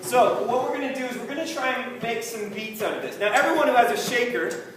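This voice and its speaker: A man's voice: very high voice, lively intonation, fairly quick, noisy background. A man leading a group drumming session in a church hall, joking and chanting the rhythms for everyone to follow. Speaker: drum workshop leader. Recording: echoey hall, far from mic, loud drumming. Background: group drumming and tambourines.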